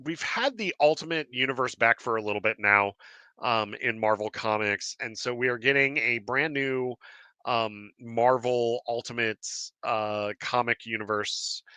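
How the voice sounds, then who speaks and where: A man's voice: medium pitch, measured pace, sharp tone, clear, resonant tone, dry recording. Laughing, upbeat male comics podcaster. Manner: enthusiastic, laughs often, many fillers and restarts. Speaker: podcast host. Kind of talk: casual live-stream chat.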